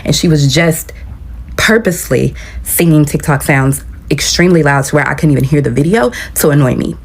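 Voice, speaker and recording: A woman's voice: low voice, fairly quick, slightly rough. A woman telling a story in a casual storytime style, retelling it with animation and acting out the quoted dialogue.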